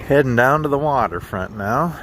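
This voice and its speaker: A man casually narrating his walk through town streets in a slow, rambling, chatty way with chuckles, talking to a handheld camera. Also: medium pitch, lively intonation, a bit bright, a little hiss or hum. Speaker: walking vlogger.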